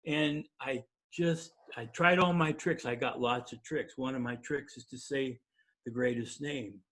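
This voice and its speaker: A man telling a personal story in a talk, chuckling often and acting out the dialogue. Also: fairly bright tone. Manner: chuckles while telling stories; acts out dialogue with big pitch jumps. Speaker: speaker.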